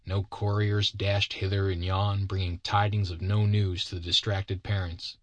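Brief: male storyteller, low voice, dry close sound, wry mock-grand reading. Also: flat delivery, unhurried, a bit bright, no room sound. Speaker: narrator.

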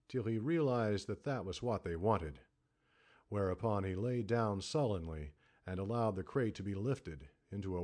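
Low-voiced man narrating an audiobook. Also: darkish tone. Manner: measured, dramatic storytelling. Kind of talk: scripted narration.

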